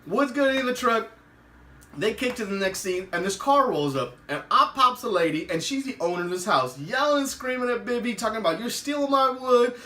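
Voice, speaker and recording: Animated high-voiced man recapping a show. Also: a little fast, far from the mic. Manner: animated, laughs often, acts out quotes. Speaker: podcast host. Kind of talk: casual TV episode recap. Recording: roomy, away from the mic.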